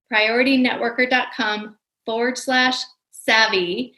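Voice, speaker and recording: A woman's voice: on the high side, fairly even intonation, unhurried, pushed and bright. A woman leading a team video call, effusive and rambling as she gives announcements. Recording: roomy video call audio.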